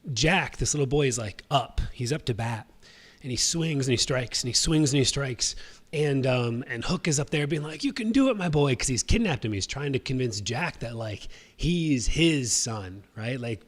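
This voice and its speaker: A man in his thirties hosting a livestream, telling a personal story in a rambling, casual way with many fillers and restarts. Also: medium pitch. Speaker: host.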